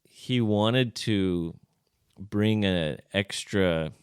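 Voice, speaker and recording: A man's voice: fairly low pitch, drawn-out words, smooth, dry recording, studio quality. A man co-hosting a casual podcast, chatting easily and reading listener messages aloud. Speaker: podcast co-host.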